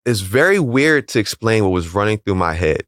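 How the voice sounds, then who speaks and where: This very low-voiced man, a calisthenics league founder being interviewed, relates a personal story at a calm, measured pace. He slides into impressions of the people he quotes, and the recording is close and dry without room echo.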